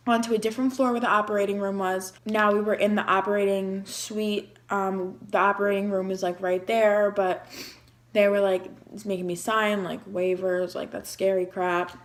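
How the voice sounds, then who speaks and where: A young woman vlogger emotionally retelling a personal story in a chatty way, with lots of "like". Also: mid-range voice. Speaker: beauty vlogger.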